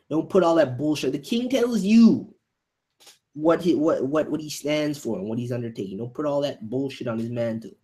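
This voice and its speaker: A man's voice: mid-range voice, lively intonation, normal speed. A man reacting live to a manga chapter, ranting heatedly, swearing and stammering over repeated words. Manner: reads panel lines aloud softly.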